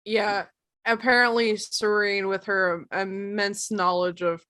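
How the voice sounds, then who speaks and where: A woman at a tabletop game who talks slowly in a bright, fairly high voice. Her voice is dry and close to the mic. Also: little pitch movement, no echo. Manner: unhurried, laughs often. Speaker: player. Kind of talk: casual game chat.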